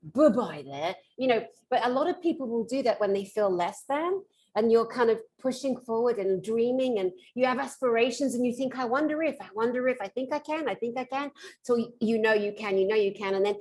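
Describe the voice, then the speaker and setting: A British woman hosting an interview, talking in a lively, playful, high-energy way. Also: fast talker, slight background noise. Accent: British English. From England. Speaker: host. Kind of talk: casual interview chat.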